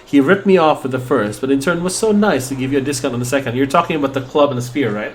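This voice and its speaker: Host: man, casual let's-play chatter, jokey and rambling, mid-pitched, faint background hum. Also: fast talker. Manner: rambling, joking, chatting with viewers. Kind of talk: casual gameplay commentary.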